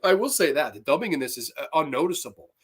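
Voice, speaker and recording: A man's voice: fairly high pitch, expressive, quick pace, husky. A man hosting a show, retelling a horror film in a rambling, profane and enthusiastic casual chat. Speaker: podcast host. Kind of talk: casual movie review chat.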